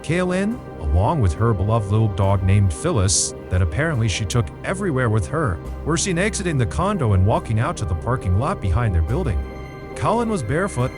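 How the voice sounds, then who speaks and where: A man hosting a true crime podcast, telling the story in a casual, animated way and acting out the quoted voices. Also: medium pitch. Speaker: podcast host.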